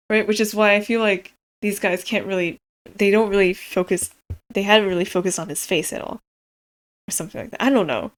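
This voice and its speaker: A woman's voice: mid-range voice, normal speed, long pauses. A woman streamer chatting casually while playing a game, rambling and self-mocking. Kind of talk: casual live-stream chat. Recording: game music playing behind.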